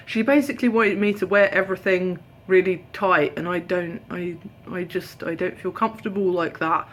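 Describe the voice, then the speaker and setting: This British vlogger, young and tired, talks casually into an arm's-length camera at home in a lowish, slightly bright voice, keeping a moderate pace with hardly any pauses. She animates her stories by doing voices and now and then slipping into a whisper.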